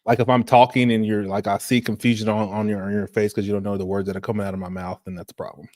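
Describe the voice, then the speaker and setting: A man's voice: on the low side, little pitch movement, fast, darkish tone, no room sound, studio quality. A man in casual podcast chat, talking in a laid-back way with lots of "like" and "um". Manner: laid-back, frequent "like" and "um" fillers.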